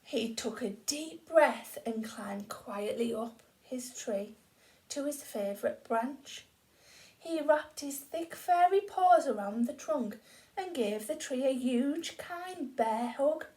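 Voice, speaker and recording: Slow, lively-voiced woman reading a story. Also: sits high. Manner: slow, expressive storytelling, drops to a hush for quiet moments. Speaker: teacher.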